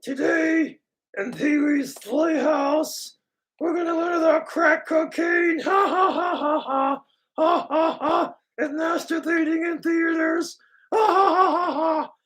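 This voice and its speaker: Hyper, cackling high-voiced host. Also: male voice, steady tone, slow pace, a bit bright, exaggerated voice. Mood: manic.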